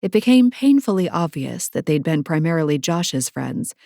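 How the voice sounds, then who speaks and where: Female audiobook narrator, low-set voice, wry first-person romance delivery, dry studio sound. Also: sing-song, normal speed, creaky, mellow, dry recording. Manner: wry, self-deprecating inner voice.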